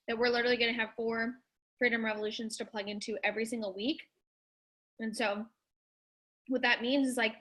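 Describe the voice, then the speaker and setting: Eager bright woman giving a testimonial. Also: a little high. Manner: eager, talking while eating. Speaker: team leader sharing her experience. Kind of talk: casual testimonial on a call.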